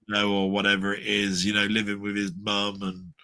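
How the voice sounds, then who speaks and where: A man's voice: lowish voice, brisk, clear, resonant tone, dry recording. A middle-aged Englishman, rambling in casual podcast chat about old comedy. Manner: rambling, animated impressions of comedians. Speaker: podcast co-host. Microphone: live stream mic.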